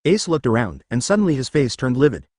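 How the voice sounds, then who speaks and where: A man reading a story aloud in scripted audiobook narration, keeping one even voice even for the quoted speech. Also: mid-range voice, fast talker, husky, no echo, studio quality. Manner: even reading of every line, quoted speech read in the same voice.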